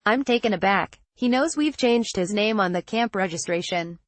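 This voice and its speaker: A woman narrating a memoir excerpt in an even, measured reading voice that changes little for the quoted lines. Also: mid-range voice, no echo. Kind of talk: steady read-aloud narration.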